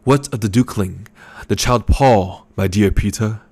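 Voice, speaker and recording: A man voicing a gluttonous, scheming older male baron who speaks slowly and condescendingly. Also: lowish voice, warm tone. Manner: slow, menacing and condescending.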